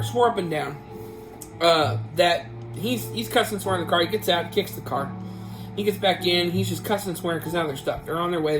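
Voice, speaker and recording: A man with a fairly high voice hosts a casual vlog, rambling through a family story with many restarts. Guitar music plays in the background, and the recording quality is low.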